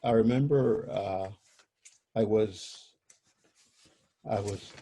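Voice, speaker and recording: Interview guest, male, mellow tone, halting and searching for words as he tells his story. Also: fairly low pitch, slight background noise.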